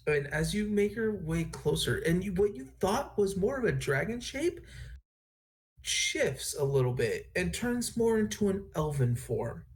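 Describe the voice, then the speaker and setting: A man's voice: high-pitched, expressive, measured pace. Male game master, rambling, restarts sentences mid-thought while narrating scenes. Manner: rambling, self-correcting narration.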